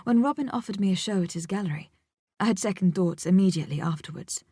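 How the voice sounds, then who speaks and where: A woman narrating a first-person audiobook in a measured, reflective way, with a close studio mic. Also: mid-range voice, warm tone, husky, no room sound.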